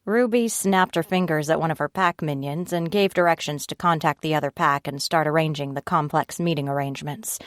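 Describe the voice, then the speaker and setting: A woman reading an audiobook in a steady, measured way. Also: sits low, dry recording, studio quality. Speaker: audiobook narrator. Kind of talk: audiobook narration.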